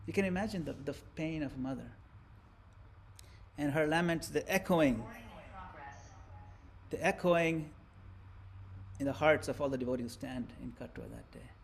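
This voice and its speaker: A man giving a religious lesson, narrating a scene vividly with theatrical swings between loud and hushed delivery. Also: medium pitch, big pitch swings, brisk, vocal fry. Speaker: religious teacher. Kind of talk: dramatic storytelling lecture.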